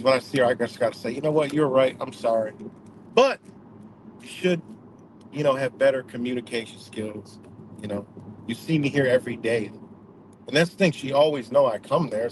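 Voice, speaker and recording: Over background noise, a male vlogger with a mid-range voice reflects aloud in a casual way. His speech wanders, packed with swearing, filler words, and false starts.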